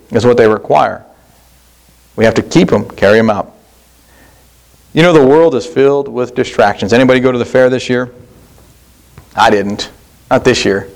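A man preaching a sermon as pastor, plain-spoken, with rhetorical questions and frequent restarts. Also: mid-range voice.

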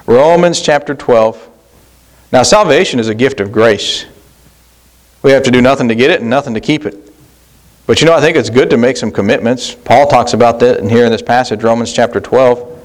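A man's voice: mid-range voice, brisk. A man preaching a sermon as pastor, plain-spoken, with rhetorical questions and frequent restarts.

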